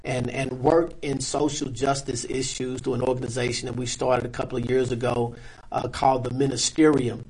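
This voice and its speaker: A man, a pastor, speaking earnestly as an interview guest in a measured, halting way with many fillers. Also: medium pitch, little pitch movement, a little mellow, husky, low-quality recording.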